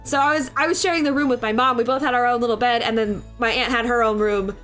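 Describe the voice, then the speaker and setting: A young woman with a bright, high voice chats casually as she works on digital art. She rambles, curses freely and breaks into laughter. Soft music plays quietly underneath. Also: steady tone, fast talker. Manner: chatty, rambling, swears freely, laughs often. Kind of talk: casual storytelling while drawing. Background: soft background music.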